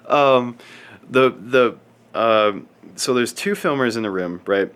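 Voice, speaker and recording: A man telling a story to camera in casual vlog style, rambling and scatterbrained, swearing often and speaking in a self-described monotone. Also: mid-range voice, measured pace. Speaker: fitness vlogger.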